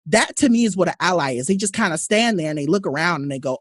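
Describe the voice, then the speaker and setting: A woman from Los Angeles talks as a podcast guest, her voice slightly husky and low for a woman. She tells her points as animated little scenes, swinging her pitch widely. The sound is dry and close. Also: fast, few pauses, no echo. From Los Angeles, USA. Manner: animated storyteller who acts out little scenes. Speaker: guest, social justice educator. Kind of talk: casual podcast interview.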